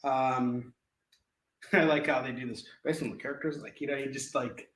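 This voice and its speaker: Man, 40s, live-stream comic seller, jokey patter, laughs a lot, tense bright voice, echoey room. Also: medium pitch, fairly even intonation, moderate pace, slight background noise. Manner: jokey, laughing, goofy asides. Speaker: live shopping show host selling comics.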